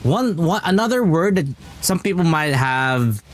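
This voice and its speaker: There's a little hiss or hum behind this man's very animated, fairly high voice, which keeps a measured pace. Streaming a game, he chats casually in a rambling, explanatory way, explaining at length with many restarts.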